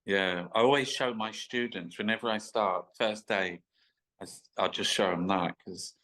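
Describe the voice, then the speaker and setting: A man's voice: fairly low pitch, moderate pace, pushed and bright, low-quality recording. A man, a guest telling rambling, sweary stop-start anecdotes in a casual interview. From England. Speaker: guest artist.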